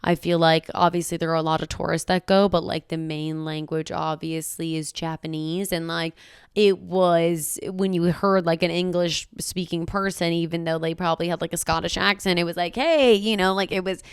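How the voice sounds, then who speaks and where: A woman from the United States chatting in a casual travel vlog, loud and outspoken, with a lot of "like". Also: on the low side, flat delivery, normal speed, smooth, no echo, studio quality. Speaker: vlogger.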